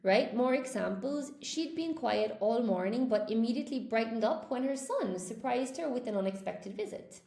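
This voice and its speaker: A woman's voice: a little high, animated, moderate pace, creaky, few pauses, mellow. A woman English teacher giving a chatty, encouraging live lesson, talking straight to her viewers and reading out their comments. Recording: echoey room.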